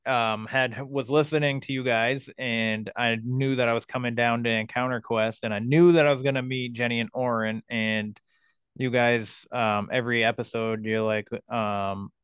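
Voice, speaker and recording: A man hosting a podcast in casual conversation, speaking haltingly with many ums and restarts into a studio mic. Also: medium pitch, steady tone, fairly bright tone, clear, resonant tone, no echo. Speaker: podcast host.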